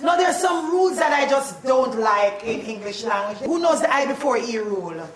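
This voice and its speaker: A woman teacher, leading a playful, animated spelling lesson in a classroom. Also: a little high, moderate pace, crowd noise. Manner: animated and playful, calls out questions. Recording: echoey classroom, mic at a distance.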